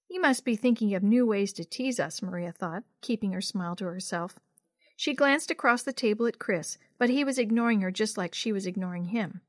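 A woman narrating a children's storybook with a clear, steady read-aloud delivery. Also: mid-range voice, dry recording, studio quality.

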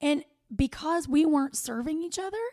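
A woman with a Southern American accent co-hosting a podcast in candid, animated chat. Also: high-pitched, normal speed, no echo, studio quality. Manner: animated, chatty, with playful quoted voices. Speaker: podcast co-host.

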